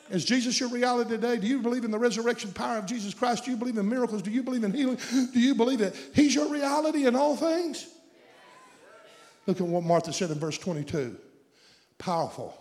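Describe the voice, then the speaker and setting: A man with a high voice preaches a sermon in a sanctuary with a long reverb trailing each phrase. He questions the congregation directly and builds his lines up into shouts at the climaxes. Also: lively intonation, fairly quick. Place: church sanctuary.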